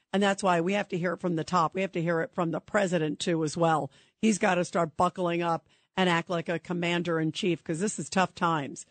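A woman's voice: on the low side, no room sound. Woman, talk radio host; emphatic, opinionated, interrupts callers; dry studio sound.

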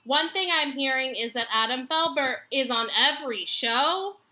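A woman on a comedy podcast, reading listener letters aloud in a measured, amused way. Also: high voice, sharp tone.

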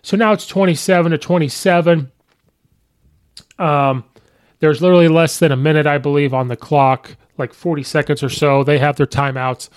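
A man hosting a podcast, recapping a football game in a rambling, excitable way and acting out fans' reactions. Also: a little high, normal speed, clean tone. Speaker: podcast host. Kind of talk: casual sports recap.

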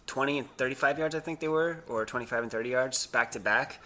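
A man co-hosting a sports podcast, talking through plays in a measured, analytical way. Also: mid-range voice, pushed and bright. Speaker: podcast co-host. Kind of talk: casual sports chat.

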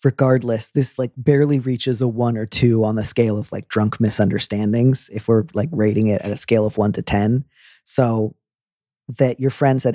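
A man hosts a casual advice chat, joking and playful as he talks things through. His voice is mellow and warm, at an ordinary middle pitch. The sound is dry and close, with no room echo. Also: moderate pace. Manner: playful, jokey, animated impressions. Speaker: advice podcast host.

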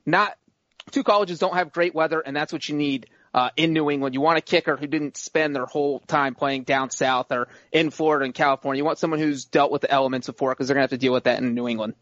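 A man's voice: on the high side, steady tone, a bit bright, no echo, muffled recording. A man co-hosting a sports podcast, talking casually and playfully as he makes his picks and defends them. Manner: playful, rambling, quick to defend himself. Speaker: podcast co-host, grader.

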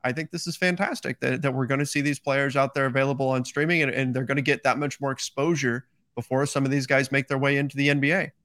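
A man's voice: medium pitch, steady tone, fast talker, hardly any pauses, a bit bright. Man casually steering a sports podcast. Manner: conversational, leads topic changes. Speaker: podcast co-host.

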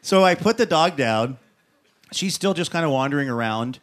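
A man hosting a talk show, telling a comic story in a lively way and acting out what people said. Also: fairly high pitch, normal speed. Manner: animated storyteller who acts out quotes. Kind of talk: comic monologue and interview.

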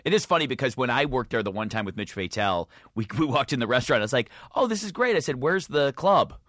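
A man's voice: medium pitch, animated, fast talker, fairly bright tone, dry recording, studio quality. A man, a comedian co-hosting a podcast, chatting casually about comedy gigs and laughing easily. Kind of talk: casual chat.

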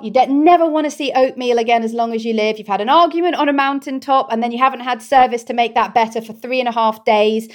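A British woman, a guest in an interview, telling her story in a heartfelt, expressive way. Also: high-pitched. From Britain. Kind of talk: conversational interview.

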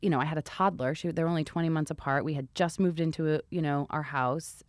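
Woman, 30s, podcast guest, frank and profane, low voice, dry close mic. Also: fairly even intonation, fast, no echo. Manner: frank, blunt, swears casually. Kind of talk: casual chat. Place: podcast studio. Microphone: studio microphone.

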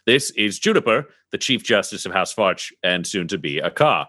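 A man role-playing his character at a tabletop game, formal and deliberate as he lists titles. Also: low-pitched, very animated, pushed and bright, dry recording, studio quality. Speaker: player.

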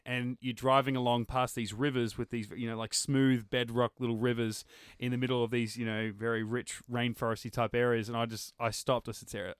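A man on a casual podcast, smooth and resonant, recorded close and dry. He tells stories with animated bursts and laughs often. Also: medium pitch, brisk, dry recording. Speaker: podcast co-host.

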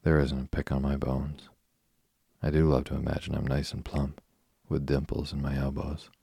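A man voicing a chatty, imaginative orphan girl in a storybook reading, in his own very deep, gravelly voice. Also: completely flat delivery, normal speed, dark tone, no room sound, studio quality, full character voice. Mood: eager. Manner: eager nonstop chatter.

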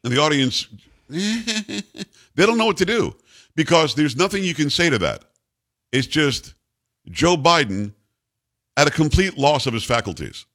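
A man's voice: fairly high pitch, measured pace, pauses often. A middle-aged American man hosting a talk radio show, sarcastic and opinionated as he riffs with his co-host. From United States. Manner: animated, sarcastic, riffing with a co-host.

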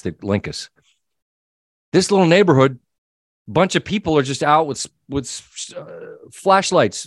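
A middle-aged man hosting a sports talk show, telling an animated story and acting out the people in it. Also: medium pitch, dry recording, studio quality. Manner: animated storyteller, quoting himself and others. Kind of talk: casual storytelling chat.

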